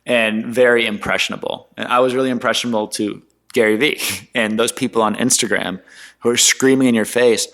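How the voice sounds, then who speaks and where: A man in his twenties, a guest entrepreneur, telling his story in a casual interview in an animated, slangy way. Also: medium pitch, fairly quick. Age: 20s. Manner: animated, slangy, mimics others in quotes.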